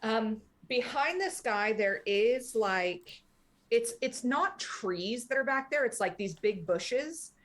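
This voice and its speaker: Slow-talking woman dungeon master. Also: fairly high pitch, expressive. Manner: loose, chatty narration with fillers. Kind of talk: narrating a tabletop game.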